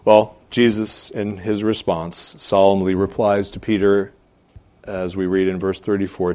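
A man preaching a sermon as pastor, with emphatic stresses, quiet asides and hesitant fillers between phrases. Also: low-pitched, flat delivery, unhurried.

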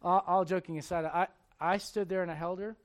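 A man in his forties preaching a sermon. He moves from loud urging to quiet confiding. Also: high voice, steady tone, a little fast. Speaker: pastor.

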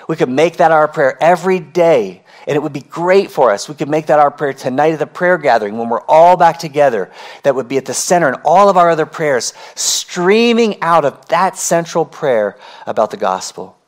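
A man preaching a sermon as pastor, earnest and emphatic, repeating key phrases and swinging between slow, drawn-out words and quick runs. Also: on the high side, lively intonation.

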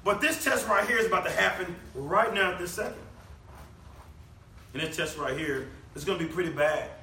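A man's voice: high-pitched, normal speed, pushed and bright, a little hiss or hum. A man preaching a sermon, talking to the congregation conversationally and firing off rhetorical questions. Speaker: pastor. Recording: echoey room, mic at a distance.

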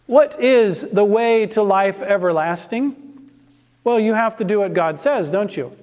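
A man's voice: very high voice, darkish tone, in a large hall. A man preaching an expository sermon in a church, asking rhetorical questions and stressing key words.

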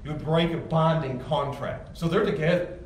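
A man's voice: fairly high pitch, normal speed, darkish tone, slight background noise. A male pastor giving a sermon, talking to the congregation in an emphatic, conversational way with frequent restarts. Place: church sanctuary with congregation. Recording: echoey room, far from mic, faint ambience.

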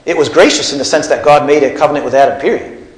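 A man's voice: fairly high pitch, quick pace, reverberant, low-quality recording. A man preaching a teaching sermon, putting questions to his congregation. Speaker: pastor. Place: church.

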